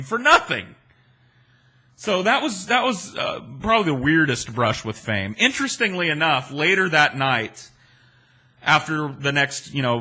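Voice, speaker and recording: A man's voice: medium pitch, sharp tone. A man in his forties, a podcast host, telling stories and answering listener questions in a rambling, profane, self-deprecating way. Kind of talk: casual storytelling chat.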